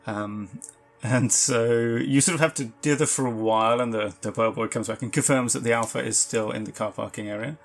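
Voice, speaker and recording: A man with a gravelly, mid-pitched voice running a tabletop game. He narrates scenes in a loose, descriptive way, dotted with ums and restarts. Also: fairly even intonation, brisk, few pauses. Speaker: game master.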